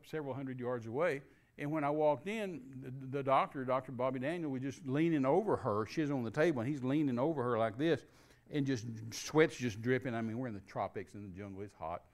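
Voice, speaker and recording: An older man preaches to a congregation. He tells a story in a folksy way, full of restarts, and his voice sits a little high for a man. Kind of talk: sermon storytelling.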